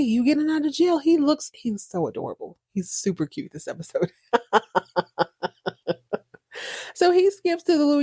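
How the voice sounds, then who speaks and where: Woman, podcast host, casual recap, animated, slangy, mid pitch, dry close mic. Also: dry recording. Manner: animated, slangy, laughing storyteller. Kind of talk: casual soap opera recap.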